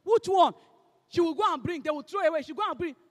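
A woman with a Nigerian accent preaching a sermon, emphatic and fervent, swinging between shouted exhortation and hushed asides, slipping into Pidgin phrases. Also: very high voice, fast talker, long reverb tail.

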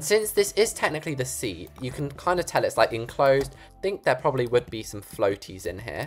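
A young woman with an English accent, chatting casually in a bubbly, expressive way while commenting on her game build. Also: rumbling low. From England. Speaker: gaming YouTuber.

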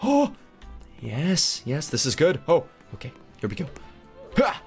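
A young man giving excitable, chatty Let's Play commentary with frequent gasps and mock-posh asides. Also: a little high, measured pace, husky. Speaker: gaming YouTuber. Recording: faint background music.

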